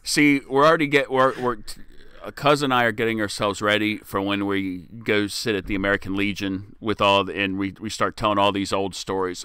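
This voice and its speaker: A middle-aged man co-hosting a casual talk show, with a low, ringing, smooth voice. He is animated and sarcastic and now and then drops into mock voices. The mic is close and dry. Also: fairly quick, dry recording. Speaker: podcast co-host. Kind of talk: casual chat.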